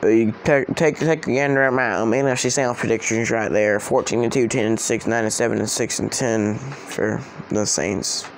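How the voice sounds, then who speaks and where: A man's voice: mid-range voice, steady tone, moderate pace, hardly any pauses, a little hiss or hum. A man giving casual spoken predictions for a vlog, rambling and often correcting himself. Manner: rambling, self-correcting, chatty. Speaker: sports vlogger.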